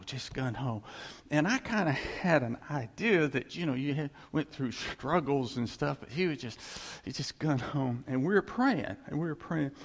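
Guy preaching a sermon, gravelly voice that jumps all over, booming hall echo. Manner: animated storytelling, acts out quoted voices, chuckles.

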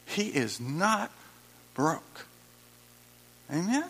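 Preacher guy, high voice, repeats himself for emphasis, dramatic asides. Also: very animated, extremely slow, a bit bright, slightly rough. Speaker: pastor. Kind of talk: sermon.

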